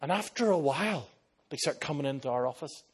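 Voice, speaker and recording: A man with an Irish accent, a pastor preaching a sermon and telling stories in an animated way, slipping into other people's voices. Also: fairly high pitch, brisk, husky. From Ireland.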